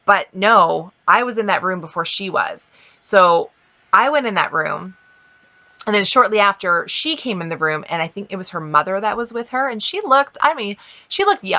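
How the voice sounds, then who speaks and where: A woman's voice: medium pitch, bright, forceful tone. A middle-aged woman from Canada, chatting casually as a vlogger and telling a story with lots of fillers and quoted asides.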